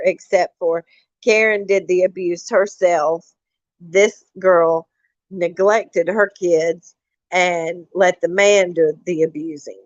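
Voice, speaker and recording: A woman ranting on her live stream, slow and deliberate, swearing freely and repeating herself as she talks to her viewers. Her voice is recorded dry and a little dull, like a cheap lo-fi mic. She calls her audience y'all. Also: on the low side, darkish tone, no room sound. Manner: angry, profane, repeats herself, addresses chat as y'all.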